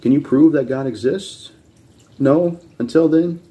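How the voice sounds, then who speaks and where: Here a man with a fairly high, mellow voice speaks unhurriedly while hosting a reaction video. He is blunt, profane and combative, swearing a lot and repeating himself insistently.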